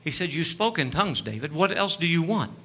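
A man preaching a sermon testimony, telling a story, acting out the dialogue and rising to fervent shouts. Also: on the high side, very animated, brisk. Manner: storytelling, acts out dialogue, rises to shouting fervor.

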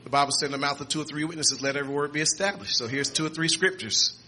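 A man preaching a sermon, reading scripture aloud with restarts and repeats, and rising to shouts and exclamations. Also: on the high side, very fast, slight background noise.

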